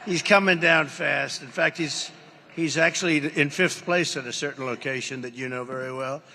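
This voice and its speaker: An older man delivers a rambling, boastful campaign rally speech, his voice forceful and pitched a bit high. He acts out quoted exchanges as he goes. The sound rings with the long reverb of a large hall. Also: moderate pace. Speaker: political speaker at a rally.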